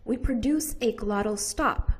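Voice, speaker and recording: A woman with a General American accent teaching pronunciation, repeating each sound slowly and deliberately. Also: a little high. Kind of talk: slow, careful pronunciation lesson.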